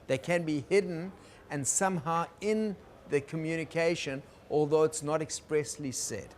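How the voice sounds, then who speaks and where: Gentle man giving a lecture. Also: fairly high pitch, moderate pace, a little hiss or hum. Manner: gentle, explaining, checks in with listeners. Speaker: teacher on conflict work. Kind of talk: recorded lecture.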